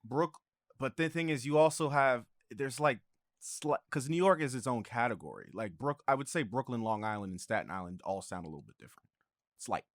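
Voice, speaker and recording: A young man guesting on a casual podcast, his pitch swinging widely as he talks. He laughs easily and trips over his starts, recorded close and dry. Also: brisk, no room sound. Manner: animated, laughs easily, trails off into restarts.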